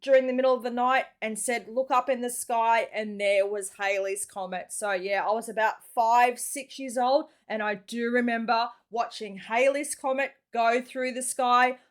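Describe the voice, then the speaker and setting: A friendly Australian woman in her forties, chatting casually as she reacts to a video. Her voice sits a little high, and her talk is full of easy-going slang. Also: steady tone, moderate pace, hardly any pauses.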